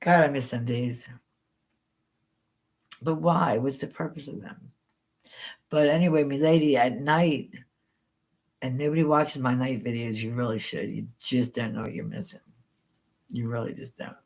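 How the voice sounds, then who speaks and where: A middle-aged woman hosting a live stream, telling stories in a rambling, spontaneous way, excitable and quick to swear. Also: very deep voice. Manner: excitable, swears freely, jumps between thoughts. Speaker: paranormal livestream host.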